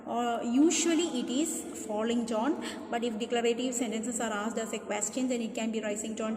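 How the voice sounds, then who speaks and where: A woman teacher with a fairly high voice talks through a lesson step by step, going back over each point. She acts out short example sentences as she goes. The room is echoey, with a long reverb tail. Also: a little mellow. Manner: explanatory, repeats points, demonstrates intonation. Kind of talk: classroom lecture.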